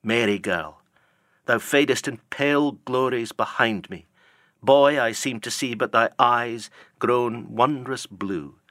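Male reader as a loyal, dread-filled first mate: hushed, mournful, dry close sound. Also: mid-range voice, slow pace, dry recording. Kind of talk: audiobook character reading.

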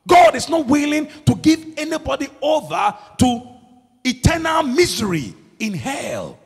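A man preaching a sermon as pastor, swinging between loud shouts and low murmurs. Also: big pitch swings, a little slow. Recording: long hall reverb.

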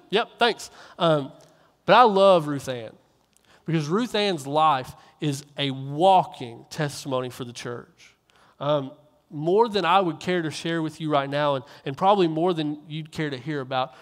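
A young man preaching from a stage, telling stories earnestly and repeating phrases as he builds his point. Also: a little high. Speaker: minister. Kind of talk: sermon on stage. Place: large hall on a stage. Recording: long hall reverb.

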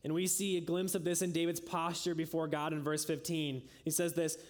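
A man preaching a sermon with earnest emphasis, climbing high on key lines and sinking soft and low at their ends. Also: brisk. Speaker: pastor.

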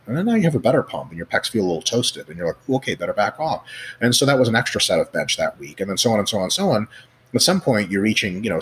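Fast-talking low-voiced man explaining. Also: a little hiss or hum. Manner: profane, animated, acts out scenarios; many fillers like "like" and "you know". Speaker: guest expert. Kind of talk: casual explanatory chat.

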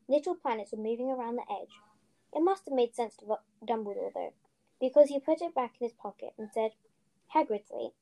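A woman reading a storybook aloud in a steady, earnest way, with small restarts. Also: a little high, rough recording. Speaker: podcast host reading aloud.

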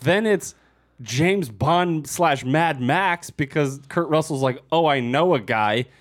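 A man co-hosting a podcast in animated casual chat, laughing often as he talks about a film. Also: fairly high pitch, takes it slowly. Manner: animated, laughs often, breaks into a mock accent. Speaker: podcast co-host.

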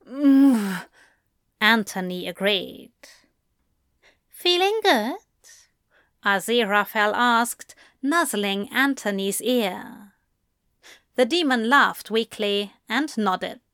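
A woman reading a romantic story aloud in a slow, soft, even way. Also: medium pitch, clear, resonant tone, no room sound, clean studio sound. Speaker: narrator. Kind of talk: reading fan fiction aloud.

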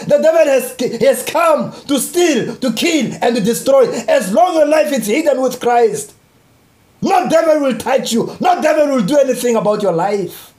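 A man with a strikingly high voice delivers a sermon, repeating his points and bursting into shouts on the key phrases. The room around him is echoey and reverberant. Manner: impassioned, repetitive, rising to shouts on key phrases. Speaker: preacher.

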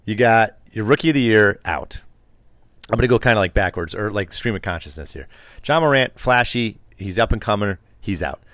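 Low-voiced man in opinionated sports chat. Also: expressive, a little fast, a bit bright, dry recording. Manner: opinionated, rambling, teasing. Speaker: podcast co-host.

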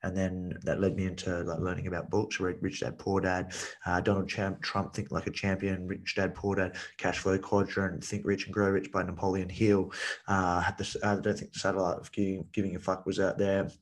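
A man in his late twenties with a low, level voice. He keeps the same even tone as he talks as a podcast guest. He speaks bluntly and swears freely, leaning on "like" and "you know" as he goes. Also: moderate pace. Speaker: podcast guest, men's coach. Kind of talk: casual storytelling podcast chat.

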